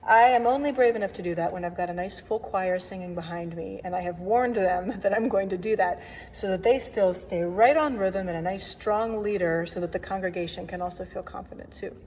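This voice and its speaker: A woman's voice: mid-range voice, a little fast, darkish tone. A woman organist giving a recorded workshop lesson on hymn playing, explaining in a friendly, chatty way with playful asides. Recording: long reverb, faint background noise.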